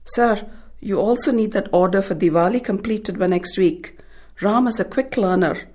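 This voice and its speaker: A woman's voice: medium pitch, moderate pace, mellow, natural voice. Woman voicing an earnest, determined young girl. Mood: urging.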